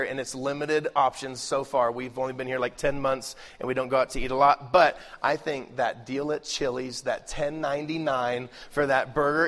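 A middle-aged male pastor preaching a lively, joking sermon, swinging between loud bursts and hushed asides. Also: mid-range voice. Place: large church hall. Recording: live sermon with long hall reverb.

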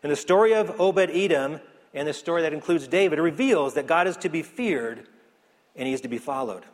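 A man preaching a sermon as pastor in a church, earnest, rising to emphasis then dropping soft. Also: fairly high pitch, lively intonation, brisk. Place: church sanctuary. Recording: echoey hall.

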